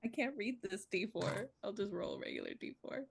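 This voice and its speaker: A woman's voice: medium pitch, huge pitch swings, fairly quick, creaky, breathy edge. A woman playing a tabletop role-playing game, casually describing actions and laughing often.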